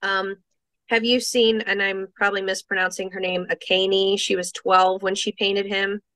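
A woman's voice: mid-range voice, moderate pace, no echo. Woman guest telling her story, lots of quoting herself, dry close sound. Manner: animated storytelling, quoting herself, laughing, restarts. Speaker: interview guest. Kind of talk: casual interview storytelling.

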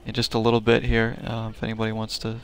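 A man's voice: fairly low pitch, monotone, fast talker, clean tone. A man chatting casually as he streams a video game, laid-back and rambling with fillers. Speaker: gaming streamer.

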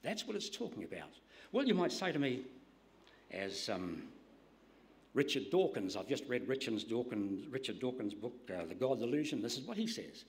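A man preaching a sermon in an emphatic style, dropping to hushed whispers to stress a point. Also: mid-range voice, sing-song, moderate pace.

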